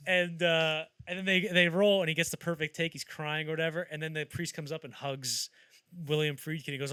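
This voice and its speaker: A man's voice: on the high side, fairly quick, clear, resonant tone, no room sound. A man hosting a podcast, telling film-history stories in casual chat and acting out the quotes as he goes. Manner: animated storyteller acting out quotes. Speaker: podcast host.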